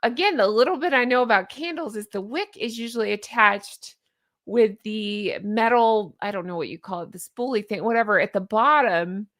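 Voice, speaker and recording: A woman's voice: mid-range voice, normal speed, fairly bright tone. A woman hosting a casual commentary vlog, chatty and amused, laughing often and tossing in rhetorical questions and asides. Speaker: YouTube commentary host.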